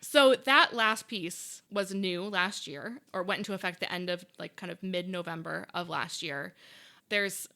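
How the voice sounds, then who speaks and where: Bright, matter-of-fact woman advocate. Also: on the low side, unhurried, creaky. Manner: explanatory, matter-of-fact, dryly wry. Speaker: voting rights advocate, podcast guest. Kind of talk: casual explanatory interview.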